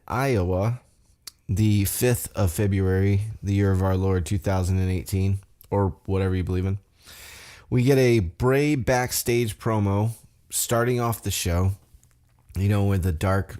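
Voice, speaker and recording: A man's voice: fairly low pitch, a little mellow. A man hosting a solo podcast recap, talking casually in a rambling, profane, self-deprecating way. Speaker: podcast host.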